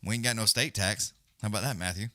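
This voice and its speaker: A man with a lowish, pushed, bright voice talks fast as a companion-stream host giving live fight commentary. His delivery is loose, blunt, casual, and profane, with Southern-leaning slang.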